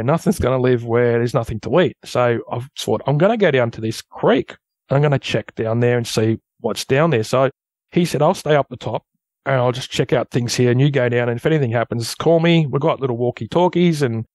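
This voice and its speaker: A man with an Australian accent, a guest telling a long story in a rambling, casual way that turns animated at the tense parts. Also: medium pitch, fairly quick, no room sound. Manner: rambling, loose storyteller who grows animated at tense moments. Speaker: guest recounting an encounter.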